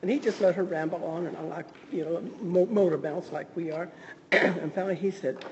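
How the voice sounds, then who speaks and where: A woman's voice: on the low side, noisy background. Woman sharing a church story, earnest, kinda stumbly, muffled echoey sound. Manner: earnest, halting storytelling with restarts. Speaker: guest. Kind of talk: sharing a personal testimony.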